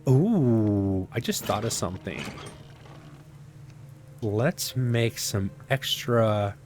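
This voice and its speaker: A man's voice: on the low side, expressive, drawn-out words, noisy background. A man casually commenting on his own survival gameplay, rambling to himself with sarcastic asides. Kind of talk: casual let's-play commentary.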